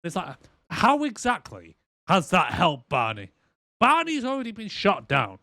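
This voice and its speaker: Animated man with a lively voice. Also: sits high, measured pace, no echo. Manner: animated, swearing, acts out lines in silly voices. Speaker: podcast co-host. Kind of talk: casual chat.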